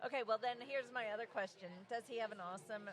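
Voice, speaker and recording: A woman's voice: on the high side, fast. A woman co-hosting a show, chatting playfully with a guest and laughing often. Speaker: podcast co-host. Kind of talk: casual interview chat. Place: conference exhibit hall.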